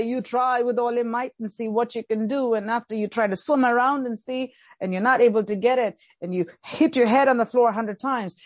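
A woman's voice: on the high side, no echo. A woman preacher delivering a fervent sermon, repeating key lines for emphasis.

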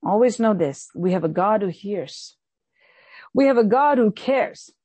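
A woman's voice: medium pitch, animated, measured pace, mellow, breathy edge, no room sound. A woman preacher delivering a fervent sermon, repeating key lines for emphasis.

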